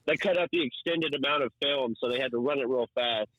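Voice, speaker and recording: A man in his thirties co-hosting a podcast, making slow, joking remarks in casual chat. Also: medium pitch, no echo, muffled recording. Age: 30s. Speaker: podcast co-host.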